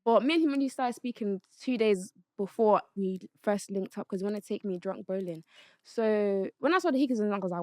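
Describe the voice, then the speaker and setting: Fast-talking young woman. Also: mid-range voice, no echo. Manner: blunt, swears freely, animated storytelling. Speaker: podcast host. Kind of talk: casual chat, storytelling.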